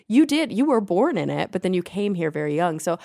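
Woman host, thoughtful and halting; low-ish voice, dry sound. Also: very animated, a little mellow, no room sound. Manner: reflective, hesitant, many fillers. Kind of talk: casual conversation.

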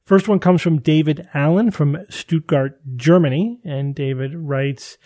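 A man hosting a podcast, chatting casually and reading listener emails in an animated way. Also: a little high, unhurried. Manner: chatty, animated, many restarts. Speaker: podcast host.

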